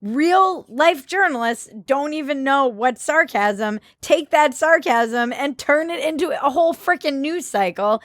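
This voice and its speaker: A woman hosting a casual chat, sarcastic and animated and laughing often. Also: high voice, a little slow, hardly any pauses, no echo, studio quality. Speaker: host.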